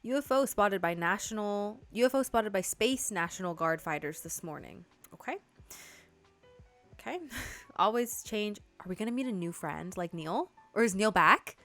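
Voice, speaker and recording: Young female let's-play host, casual and excitable, animated pitch, faint music bed. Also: normal speed. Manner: chatty and excitable, reads game text aloud. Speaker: gaming video host.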